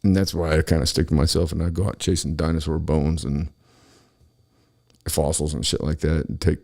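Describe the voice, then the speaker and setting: Deep gravelly guy ranting angry and cussing nonstop on his show. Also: flat delivery, moderate pace, mellow. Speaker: podcast host. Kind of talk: solo political rant.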